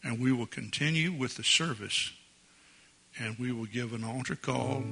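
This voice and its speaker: A man's voice: medium pitch, moderate pace, vocal fry, over loud music. An older man preaching a sermon as pastor in a church, folksy and jovial, chuckling often. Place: church sanctuary.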